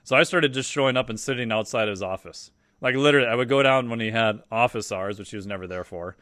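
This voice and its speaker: A middle-aged man telling a story on a podcast as the guest, casual and animated, acting out the voices of people he quotes. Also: medium pitch, quick pace, dry recording, clean studio sound.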